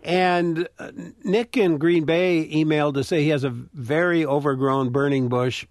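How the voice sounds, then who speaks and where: A man's voice: fairly high pitch, steady tone, measured pace, a little mellow, no echo. A man hosting a call-in radio show, keeping it brief and friendly as he brings callers on.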